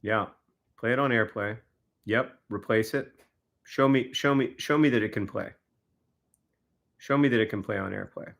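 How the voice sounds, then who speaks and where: A man's voice: fairly low pitch, normal speed, vocal fry, fairly bright tone. A man, chatting casually on a livestream, giving exasperated, wry running commentary to viewers. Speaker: livestreamer signing autographs.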